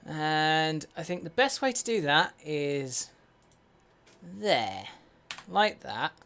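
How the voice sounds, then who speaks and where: A man's voice: fairly high pitch, sing-song, slow, a bit bright, slight background noise. A man giving casual game commentary as a let's play host, muttering to himself with wry, sweary asides. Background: faint in-game music.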